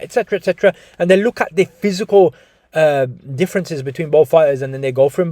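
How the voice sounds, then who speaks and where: A man's voice: fairly high pitch, a little mellow, no room sound, studio quality. A young man giving a casual boxing breakdown, chatty and full of restarts, calling his viewers "guys". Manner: chatty, repeats "guys", frequent restarts and swearing. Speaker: boxing analyst.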